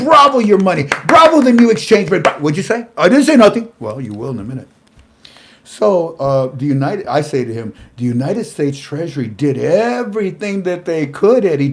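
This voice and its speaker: Guy hosting a chatty commentary show, gets worked up, stumbles and repeats words, laughs a lot, middle pitch. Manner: animated, repeats words, chuckles often. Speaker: show host. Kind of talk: casual commentary.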